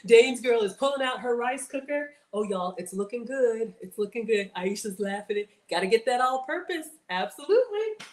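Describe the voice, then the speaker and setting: In an echoey room, a woman with a fairly high voice hosts a casual cooking livestream, chatting with viewers as she works. She calls them "y'all" and throws in playful outbursts and sing-song bits.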